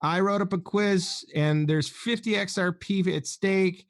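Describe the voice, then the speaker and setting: A man's voice: sits high, measured pace, no echo, clean studio sound. A man from the United States, co-hosting a casual group stream and acting out quotes as he tells stories. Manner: animated storyteller acting out quotes. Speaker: stream co-host.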